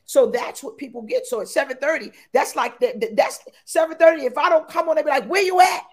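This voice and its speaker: A woman guest in an interview chat, talking exuberantly and repeating her phrases with excited bursts. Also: sits high, fast talker. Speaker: podcast guest.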